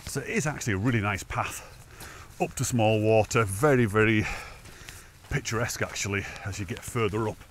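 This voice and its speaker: Out on a wet, windy hillside trail, this hiking vlogger talks a little fast in a lowish voice, slightly winded, laughing a lot and teasing himself. There's a bit of hiss or hum in the recording.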